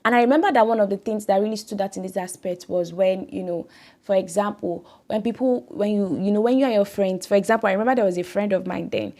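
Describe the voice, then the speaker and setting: A woman's voice: mid-range voice, fast, a little mellow. A woman hosting a devotional podcast, speaking in an earnest, exhorting way and repeating phrases for emphasis. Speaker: podcast host.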